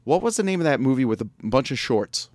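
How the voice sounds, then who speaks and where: A man's voice: medium pitch, sing-song, quick pace, darkish tone, no echo. A man hosting a casual radio chat, joking and laughing often. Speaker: podcast host.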